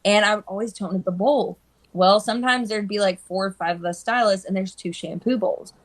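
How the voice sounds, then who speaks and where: A woman hairstylist chatting casually on a live stream, telling animated stories and acting out the people she quotes. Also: medium pitch, fairly quick. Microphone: phone.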